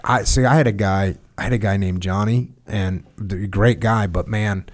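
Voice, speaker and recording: A man hosting a podcast, trading stories with a laugh and reading historical passages aloud at a steady pace. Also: on the low side, moderate pace. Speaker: podcast host. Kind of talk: casual conversation and reading aloud from a book.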